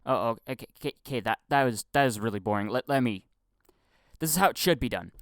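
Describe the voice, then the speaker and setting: A young man rants about film acting, stammering, repeating words and swearing freely. His voice is smooth and mid-pitched, recorded close and dry with no room sound. He keeps breaking into mocking impressions. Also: expressive, quick pace, dry recording. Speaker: film commentary vlogger. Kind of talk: casual profane rant.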